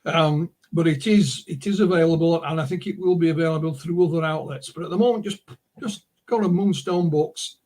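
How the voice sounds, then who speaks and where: Husky man telling stories. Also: fairly high pitch, a little fast, darkish tone. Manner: rambling anecdotal storyteller, full of asides. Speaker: author and publisher guest. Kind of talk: casual interview storytelling. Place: remote interview call.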